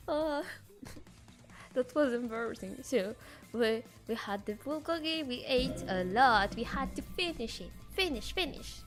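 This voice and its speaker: A woman with a French accent, a streamer telling stories in casual chat with hesitant fillers and animated delivery. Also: fairly high pitch, a little slow, soft background music. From France. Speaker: VTuber streamer.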